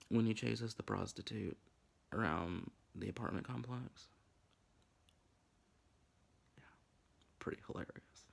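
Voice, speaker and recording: A young man in his twenties talks through a casual, rambling commentary. His voice sits low and carries a gravelly fry, and he keeps dropping crude, campy, profane asides. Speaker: vlogger.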